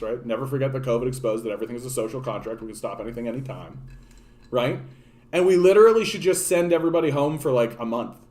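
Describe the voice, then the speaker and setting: Canadian man, political streamer, mid-pitched voice, profane sardonic rambling to chat. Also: a little mellow. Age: adult, grown since his younger days. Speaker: political livestream host. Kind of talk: casual rant to live chat.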